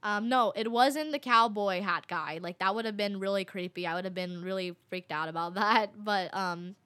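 Young woman, bright voice, chatty casual storyteller, heavy on fillers. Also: mid-range voice, moderate pace.

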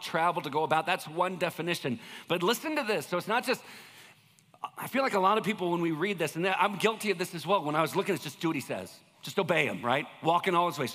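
A male pastor giving a conversational sermon with jokes, moving between loud bursts and quiet asides. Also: sits high, big-room sound.

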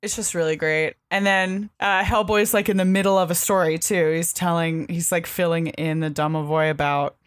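Chatty, dry-sounding woman with a lower voice. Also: smooth, dry recording. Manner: animated, many fillers, acts out dialogue in quick quoted voices. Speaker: podcast co-host. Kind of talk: casual chat about comics.

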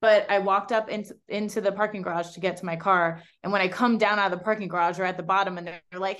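Animated woman telling a story. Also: mid-range voice, fast, hardly any pauses. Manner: lively, animated storytelling with voiced quotes. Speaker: guest, pro bikini competitor. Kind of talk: casual storytelling chat.

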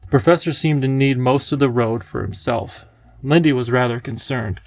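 A man reading an audiobook chapter as narrator, in steady, measured storytelling. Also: medium pitch, poor audio. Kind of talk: scripted narration.

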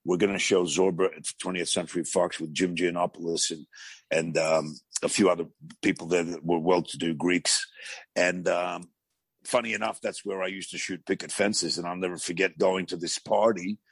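A man with a gravelly voice, a talk show guest telling rambling anecdotes with many restarts. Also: sits low, little pitch movement, moderate pace, dry recording. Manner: rambling storyteller with frequent restarts.

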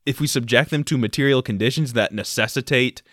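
A man's voice: medium pitch, a little fast, a bit bright, dry recording, clean studio sound. A man co-hosting a podcast, talking politics in an emphatic, heated way and swearing at times. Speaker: podcast co-host. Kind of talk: casual political chat.

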